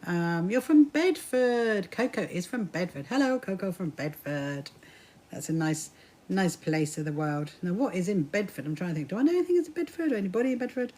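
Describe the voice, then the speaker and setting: A woman's voice: fairly low pitch, lively intonation, a little fast, a little mellow. Chatty woman with a Kentish-Sussex accent. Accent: Kentish and Sussex English. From south coast of England. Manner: chatty, greets viewers by name, laughs often. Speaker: livestream host. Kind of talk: casual chat while sewing.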